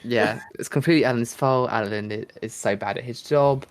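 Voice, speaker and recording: Brisk and mid-range, another male podcast co-host jokes around in a loose, casual conversation. He rambles, saying um a lot and frequently starting his sentences over.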